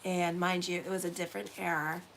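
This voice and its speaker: A woman's voice: on the low side, little pitch movement, a little fast, creaky, a bit bright, a little hiss or hum. A woman in her forties giving a casual weekly horoscope reading as an astrologer and tarot reader, blunt, rambling and profane.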